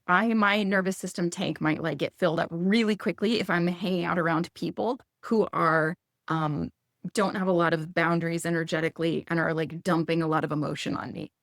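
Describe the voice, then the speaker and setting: A woman in her thirties speaking casually as a guest, chatty and animated, acting out quoted lines in a higher voice. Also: no room sound, clean studio sound. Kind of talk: casual conversational advice.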